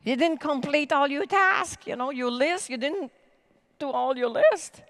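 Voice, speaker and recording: A woman voicing a nagging inner guilty voice that gives sharp, scolding commands. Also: high voice, lively intonation, unhurried, long reverb tail, pitched above the performer's own voice, full character voice.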